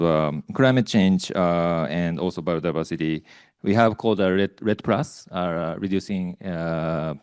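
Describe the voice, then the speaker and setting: A man moderating a conference panel, speaking hesitantly with many filler pauses. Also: deep voice, darkish tone, smooth, dry recording, studio quality.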